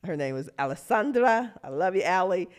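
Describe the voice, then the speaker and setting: A woman in her fifties, a former pro basketball player, telling her story in a casual interview, animated and laughing often, acting out the voices of people she quotes. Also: on the low side, brisk. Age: 50s.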